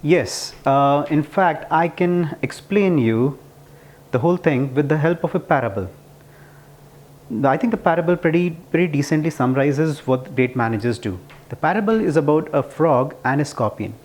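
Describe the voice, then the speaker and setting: Man, fairly high voice, earnest explainer, casual delivery with restarts. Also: normal speed, a little mellow. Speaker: speaker explaining management ideas.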